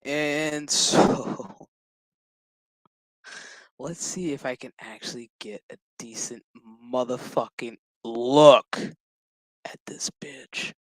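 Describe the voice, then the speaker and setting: A man's voice: medium pitch, slow pace, no room sound, poor audio. A man giving a rambling, profane and jokey casual recap of a TV episode. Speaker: show reviewer.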